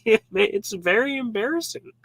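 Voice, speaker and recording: A man's voice: extremely high pitch, sing-song, moderate pace, creaky, fairly bright tone, poor audio. A man giving a casual devotional Bible talk, informal and joking, acting out little scenes as he explains. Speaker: Bible teacher.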